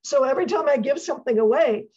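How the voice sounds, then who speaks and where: A woman guest, a coach, chatting in an animated way. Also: high-pitched, quick pace, highs cut off. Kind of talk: casual conversation.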